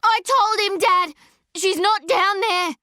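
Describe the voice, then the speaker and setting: A woman voicing a furious, grief-stricken young girl in a storybook reading, her lines shrill and hysterical. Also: fairly even intonation, moderate pace, dry recording, clean studio sound, close to an everyday voice. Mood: hysterical screaming.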